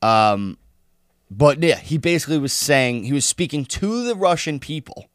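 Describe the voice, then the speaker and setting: A man's voice: fairly high pitch, expressive, normal speed, a bit bright, no echo, studio quality. A young man co-hosting a podcast, talking in a loose, rambling way and swearing often. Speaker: podcast co-host. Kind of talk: casual podcast chat.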